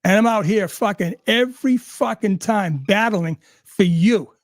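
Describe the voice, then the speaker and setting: A man's voice: sits high, measured pace, no room sound, clean studio sound. A man ranting angrily and sarcastically, swearing at almost every turn. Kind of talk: profane rant.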